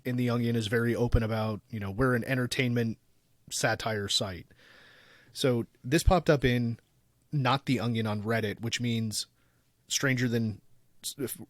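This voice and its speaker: A man's voice: mid-range voice, no room sound, clean studio sound. A man co-hosting a podcast in casual chat, an easygoing storyteller who reads articles aloud. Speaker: podcast co-host.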